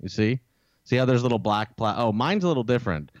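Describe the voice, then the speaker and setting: A man co-hosting a podcast, chatting casually in a laid-back, deadpan way. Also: mid-range voice, fast, no echo, dull audio. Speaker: podcast co-host. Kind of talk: casual chat.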